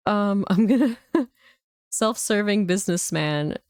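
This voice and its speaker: Giggly slow-talking woman streamer. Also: on the low side, clear, resonant tone, no room sound, studio quality. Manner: playful, giggly, crude jokes with chat. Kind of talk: live-streamed game playthrough chat. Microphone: streaming desk mic.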